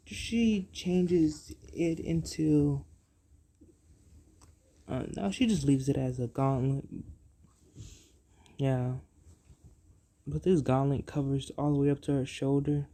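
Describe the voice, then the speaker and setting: Halting improvised storyteller, very dark, unhurried delivery. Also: mid-range voice. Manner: halting, many fillers and self-corrections. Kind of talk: improvised fan-fiction storytelling.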